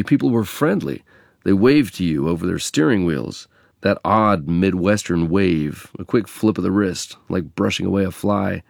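Low gravelly guy from england reading his memoir, slow and reflective, super dry sound. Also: a little mellow, no room sound. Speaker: narrator. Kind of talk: audiobook memoir narration.

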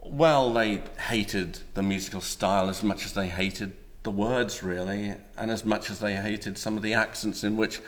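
A man's voice: lowish voice, fairly even intonation, moderate pace, hardly any pauses. A man explaining music history as an interview guest, with patient, lecturing explanations.

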